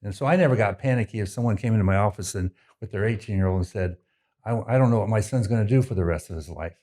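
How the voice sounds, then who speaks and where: A middle-aged father, a podcast guest, speaking slowly and reflectively in casual chat. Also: lowish voice, dark tone. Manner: slow, reflective, a bit halting.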